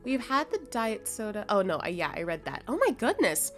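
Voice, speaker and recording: Chatty woman streamer, animated voice. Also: mid-range voice, fairly quick, faint music behind. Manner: chatty, reads and answers chat messages; swears casually, laughs often. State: sleepy, yawning. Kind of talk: casual chat with live chat.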